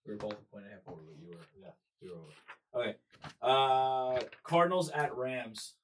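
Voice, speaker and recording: Male co-host, casual sports chat, calls out each matchup loud and drawn out. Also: medium pitch, brisk, a little hiss or hum, low-quality recording. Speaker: podcast co-host.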